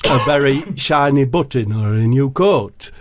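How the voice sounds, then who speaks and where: A man's voice: medium pitch, expressive, unhurried, lightly acted. A man voicing a fussy, timid young footballer with a northern English accent who talks in a meek, whiny way.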